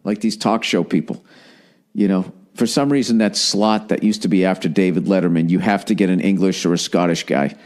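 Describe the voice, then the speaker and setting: A man's voice: deep voice, steady tone, brisk, a little mellow. A man hosting a podcast alone, ranting in a rambling, sardonic way and swearing often. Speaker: podcast host. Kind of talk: solo podcast rant.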